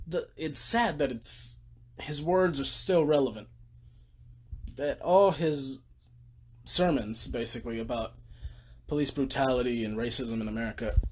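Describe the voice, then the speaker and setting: A man's voice: on the high side, breathy edge. A sleep-deprived man livestreaming from a room at home on his phone, gushing and rambling about movies and swearing freely. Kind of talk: casual livestream rant.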